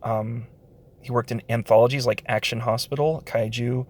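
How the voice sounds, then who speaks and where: A man's voice: mid-range voice, steady tone, normal speed, darkish tone. A man giving a casual spoken review of a comic book, sarcastic, with frequent sighs, short laughs and fillers.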